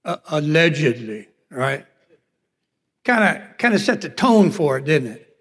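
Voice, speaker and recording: A fairly high-voiced man preaches a sermon from the pulpit, his words ringing with the long reverb of a big hall. He tells a personal testimony and acts out the voices in his stories. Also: big pitch swings, unhurried, a bit bright, husky. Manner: storytelling, acts out quoted dialogue. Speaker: pastor.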